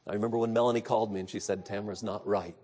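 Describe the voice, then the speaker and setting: A man preaching an evening sermon, earnest, moving between hushed, quiet passages and impassioned outbursts. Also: lowish voice, steady tone, rapid-fire.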